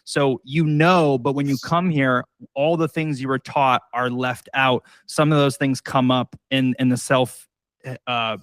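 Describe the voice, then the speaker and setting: A man's voice: medium pitch, steady tone, unhurried, a bit bright, dry recording. A man hosting a podcast, enthusiastic and encouraging, speaking in a motivational way. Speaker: podcast host. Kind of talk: casual podcast conversation.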